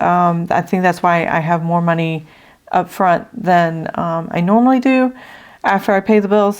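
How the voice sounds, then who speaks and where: A middle-aged woman hosting a budgeting channel, thinking aloud as she adds up figures, a little out of breath from allergies. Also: on the low side. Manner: thinks aloud while adding numbers, with fillers. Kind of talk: casual budget walkthrough.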